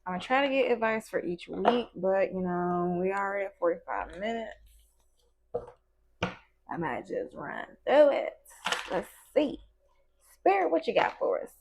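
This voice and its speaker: A woman's voice: medium pitch, big pitch swings, a little slow, creaky, long pauses, darkish tone. A woman giving a casual tarot reading in a chatty, playful way, full of slang and asides. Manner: acts out little quoted voices in between. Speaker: tarot card reader.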